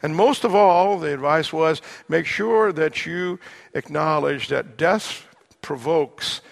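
Earnest, gravelly-voiced male preacher. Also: a little high, fairly bright tone. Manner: earnest, slows down for emphasis. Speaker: pastor. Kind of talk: sermon.

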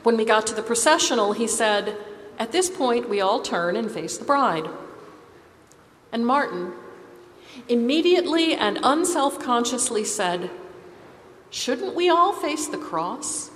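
A woman preaching a sermon, telling stories in a measured, expressive way. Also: on the high side, a little hiss or hum. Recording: reverberant hall with faint ambience.

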